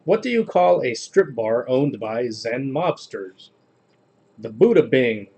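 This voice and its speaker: A man reads jokes off a page for a casual home video, his delivery flat and deadpan. His pitch sits in an ordinary middle register, and he talks at an easy, unhurried pace. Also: husky. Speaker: host reading jokes on video. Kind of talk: casual joke reading.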